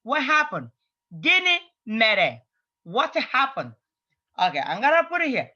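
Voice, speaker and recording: Slow, bright-voiced teacher. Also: mid-range voice, huge pitch swings, muffled recording. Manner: patient, repeats phrases slowly for drilling. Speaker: language teacher. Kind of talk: online language lesson.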